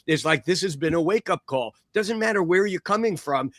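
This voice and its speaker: A man speaking as a panel guest, explaining his ideas thoughtfully, with halting restarts. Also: on the high side, expressive, a bit bright, no echo, clean studio sound. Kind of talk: panel talk, reflective explanation.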